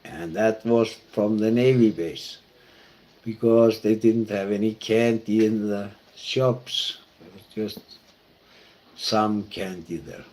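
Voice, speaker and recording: A man from Iceland with an Icelandic accent, a pastor telling personal stories in a halting, reflective way. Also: on the low side, a little mellow, slight background noise. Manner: halting and reflective, with many fillers and restarts. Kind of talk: personal storytelling talk.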